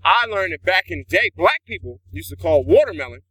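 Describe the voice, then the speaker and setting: Animated male co-host, bright high voice, casual banter. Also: brisk, breathy edge, poor audio. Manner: animated, joking storyteller. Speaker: podcast co-host. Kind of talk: casual chat.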